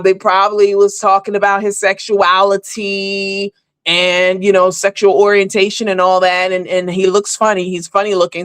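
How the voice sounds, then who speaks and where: A woman with a mid-range, fairly bright voice hosts a live online show, recorded with no room sound. She chats casually and at length with her viewers, rambling along and calling them honey and baby.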